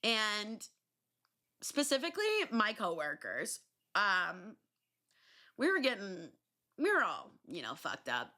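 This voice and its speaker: A young adult woman hosting a podcast, telling stories in a loose, animated way, swearing freely and filling pauses with ums and likes. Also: lowish voice. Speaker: podcast host. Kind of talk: casual solo storytelling.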